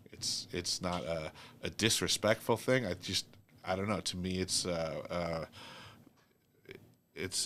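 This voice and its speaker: A man's voice: low voice, sharp tone, slight background noise. A man from New York hosting a casual chat, telling rambling stories with lots of fillers and easy laughter. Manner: rambling storyteller, laughs easily, many fillers. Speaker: host.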